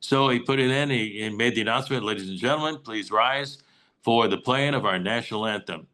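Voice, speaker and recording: Bright-voiced older man telling stories. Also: medium pitch, brisk, rough recording. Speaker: Mariners broadcaster, guest. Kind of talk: casual interview chat, storytelling.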